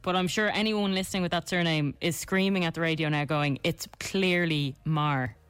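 A woman's voice: lowish voice, quick pace, clear, resonant tone, dry recording, soft background music. A young woman co-hosting a radio show, giggly and self-deprecating. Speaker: radio co-host. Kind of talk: casual radio chat. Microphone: studio microphone.

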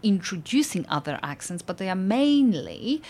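A woman from Eastern Europe hosting an interview, talking thoughtfully with many pauses, fillers and restarts. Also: medium pitch, very animated, a little mellow. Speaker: podcast host. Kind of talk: conversational interview.

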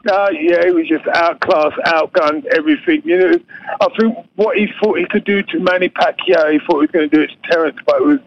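Gravelly-voiced man on a dull line. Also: a little high, fairly quick. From England. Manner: laughs easily, repeats himself. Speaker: guest boxer. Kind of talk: casual interview chat. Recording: dull lo-fi line, faint noise.

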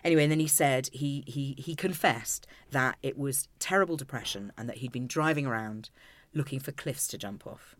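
A woman's voice: rumbling low, moderate pace, hardly any pauses, no echo. A middle-aged woman, a guest telling a personal story frankly and with lots of animation.

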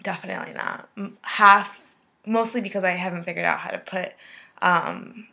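A woman's voice: fairly low pitch, normal speed, vocal fry, pushed and bright. A young woman co-hosting a podcast, telling a story in casual chat with playful bravado. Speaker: podcast co-host.

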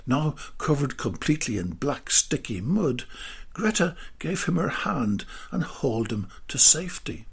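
A man narrating a story slowly, dropping into whispered asides. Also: medium pitch, sing-song, creaky, husky. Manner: slow, drawn-out delivery with whispered asides.

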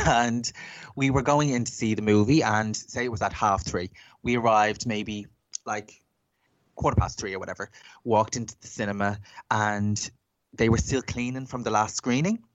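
A man chatting casually, telling a story in an animated way and acting out what people said. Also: lowish voice, moderate pace, dry recording, muffled recording. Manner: animated, acts out quotes.

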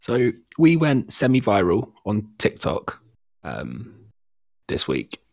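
A man's voice: on the low side, wildly swooping pitch, slow pace, vocal fry. A man co-hosting a casual podcast, sounding sick, with a teasing, wry manner. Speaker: podcast co-host. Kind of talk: casual chat.

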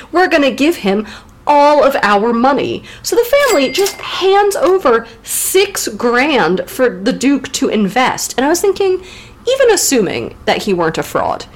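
A woman co-hosting a casual literature podcast, recapping the plot with playful, jokey asides. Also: sits high. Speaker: podcast co-host.

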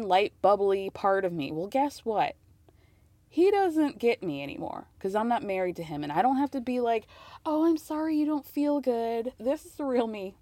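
A woman's voice: a little high, a little mellow, no echo. Sarcastic woman recapping a reality show. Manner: sarcastic, laughs often, acts out quotes in mocking voices. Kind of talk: casual recap commentary.

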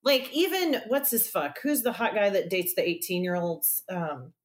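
A woman's voice: mid-range voice, expressive, moderate pace. A woman co-hosting a podcast in casual chat, teasing and argumentative. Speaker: podcast co-host.

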